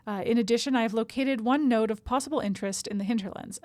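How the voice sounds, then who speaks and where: A calm, precise male elven mage reporting his findings, as a woman reads his letter. The reading is plain and even, in a slightly high voice with a dry, close sound. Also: quick pace, no room sound, close to an everyday voice. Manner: plain read-aloud of a letter.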